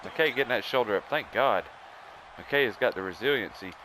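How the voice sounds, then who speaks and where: A man playing a wrestling video game, giving excitable play-by-play commentary mixed with in-character trash talk. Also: medium pitch, fairly quick, a little hiss or hum. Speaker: let's play host.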